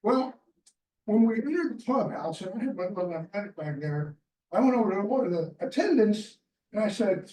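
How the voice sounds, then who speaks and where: This man's high voice is warm and animated, moving at a normal speed as he tells a small club gathering a meandering sports story. A chapter member, he recreates the dialogue by quoting the people in it, and the distant mic in the restaurant meeting room gives a roomy sound.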